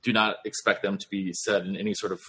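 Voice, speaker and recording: A man hosting a casual sports podcast, rambling with lots of fillers and halting restarts. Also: fairly low pitch, flat delivery, fairly bright tone, breathy edge. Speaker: podcast host.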